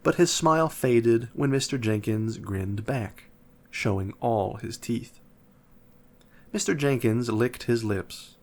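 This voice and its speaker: A man calmly reading a children's chapter book aloud. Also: mid-range voice, takes it slowly. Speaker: narrator. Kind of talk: storybook reading.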